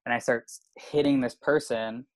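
The recording is dry, capturing a man's mid-range voice with fairly even intonation and a moderate pace. He's a stand-up comedian rambling through a long story in casual chat, swearing and using "like" as a constant filler.

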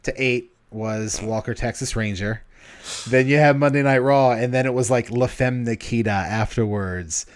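An easygoing man co-hosts a podcast in casual chat, agreeable and talkative. His voice sits at an ordinary middle pitch. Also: normal speed, smooth. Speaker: podcast co-host.

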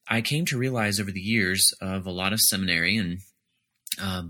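A man's voice: low-pitched, moderate pace, pushed and bright. A man, an author and editor, giving earnest and articulate answers in a podcast interview, explaining his points in careful detail.

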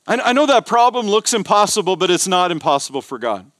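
A man's voice: sits high, very animated, fairly quick, a bit bright, no echo, clean studio sound. A man preaching a sermon as pastor, emphatic, repeating words and building intensity. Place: church.

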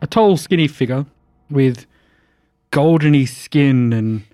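A man playing a tabletop game, describing his character's actions in a relaxed, meandering way. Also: mid-range voice, slow. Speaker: player. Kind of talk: casual tabletop play.

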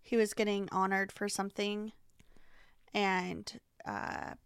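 A woman co-hosting a podcast, chatting casually with quick short reactions. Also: medium pitch, level tone, gravelly, clear, resonant tone, dry recording, studio quality. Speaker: podcast co-host.

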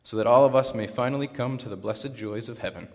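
A man serving as pastor, leading a baptism liturgy, prayers and a scripture reading in a solemn, measured way inside a church. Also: medium pitch. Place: church sanctuary. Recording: long reverb of a church hall.

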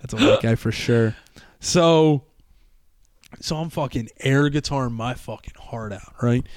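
Lively young guy spinning a bar story, swears a lot, laughs through it, dry sound. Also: medium pitch, unhurried, no echo. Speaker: podcast host. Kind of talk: casual storytelling.

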